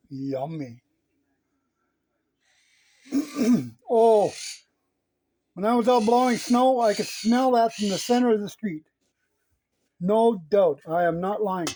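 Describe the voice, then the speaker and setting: A man's voice: high voice, animated, takes it slowly, long pauses, mellow. A man hosting a casual cooking vlog, chatting as he shows the meal and teasing a pet chicken, often asking "right?". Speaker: outdoors channel host.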